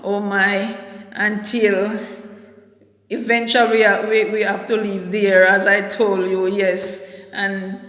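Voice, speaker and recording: A woman telling a personal story in a halting, soft-spoken way, often repeating her words. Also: medium pitch, flat delivery. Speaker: vlogger. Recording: echoey room with long reverb.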